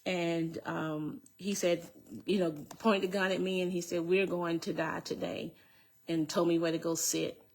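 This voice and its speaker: Woman sharing her testimony, kinda low voice, earnest, repeats herself, talks right to the listeners. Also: flat delivery, normal speed, darkish tone. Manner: earnest, repeats phrases, speaks to listeners directly. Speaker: testimony speaker. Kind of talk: personal testimony storytelling.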